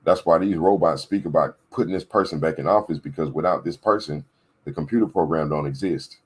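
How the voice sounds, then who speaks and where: A political commentator delivers a preachy ranting monologue, repeating points emphatically and often checking in with his listeners. He has a brisk, husky bass voice.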